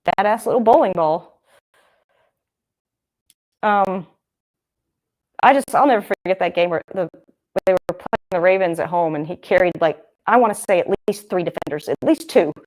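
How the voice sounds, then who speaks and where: A woman's voice: fairly low pitch, normal speed, long pauses, a little mellow. A young woman hosting a livestream, chatting casually and thinking aloud as she comments on a football game. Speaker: livestream host.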